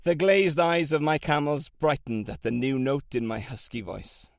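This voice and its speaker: A man reading an audiobook, voicing a determined middle-aged camel trader who was once a slave, in a measured, solemn way with old-fashioned phrasing. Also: fairly high pitch, fairly even intonation, creaky, no room sound, studio quality. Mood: resolute.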